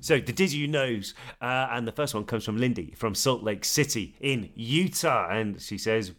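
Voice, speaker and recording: A man co-hosting a podcast, chatting in an animated way and laughing easily. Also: mid-range voice, normal speed, few pauses, soft background music. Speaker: podcast co-host. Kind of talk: casual chat.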